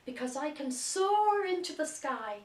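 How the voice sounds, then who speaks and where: A woman's voice: high-pitched, very animated, a little slow, roomy sound, voice pushed up. An Irish woman voicing a proud little skylark in a children's storybook.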